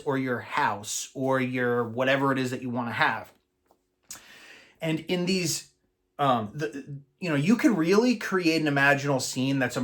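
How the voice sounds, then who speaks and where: A man coaching listeners in an earnest, explanatory teaching monologue, slowing down to stress key phrases. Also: medium pitch, fairly bright tone. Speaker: manifesting coach.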